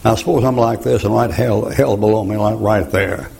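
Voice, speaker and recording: A man's voice: lowish voice, steady tone, moderate pace, gravelly, a little mellow, poor audio. A man, preaching a folksy, joking sermon and laughing at his own stories.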